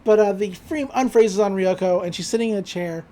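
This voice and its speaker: Young woman podcast cohost, rambly casual recap, lots of likes and uhs, mid-pitched. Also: a little fast, mellow. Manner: chatty, rambling, with frequent "like" and "uh". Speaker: podcast co-host. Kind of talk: casual episode recap chat.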